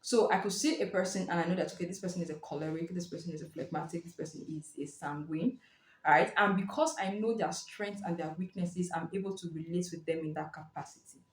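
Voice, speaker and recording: A woman giving a casual spoken book review, explaining in a lively way and acting out short reactions. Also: on the low side, fairly quick. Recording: roomy echo.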